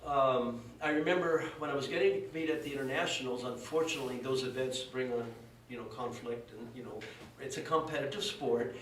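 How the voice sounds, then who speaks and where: A man's voice: mid-range voice, a little fast, fairly bright tone. Chuckling man telling stories, roomy and distant. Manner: chuckling storyteller, acts out quotes. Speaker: eulogy speaker at a memorial service. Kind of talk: anecdotal eulogy. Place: dojo hall at a memorial. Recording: roomy echo from far off, faint hiss.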